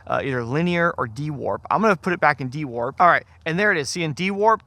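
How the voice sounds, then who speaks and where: A man's voice: a little high, animated, quick pace, bright, forceful tone, no echo. A man hosting a casual motorcycle gear vlog, chatty and self-deprecating with lots of fillers, sometimes testing mics on his bike. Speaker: motovlog host. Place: on a motorcycle outdoors in rain and traffic. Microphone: helmet mic and small clip-on wireless mic. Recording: noisy outdoor ride audio. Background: wind and road noise.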